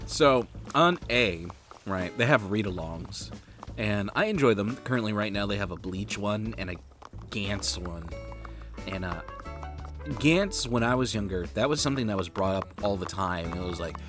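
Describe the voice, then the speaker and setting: A man's voice: lowish voice, normal speed. A young man streaming a game, rambling in casual commentary and swearing freely. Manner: rambling, swears freely, laughs at his own jokes. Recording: game music playing behind.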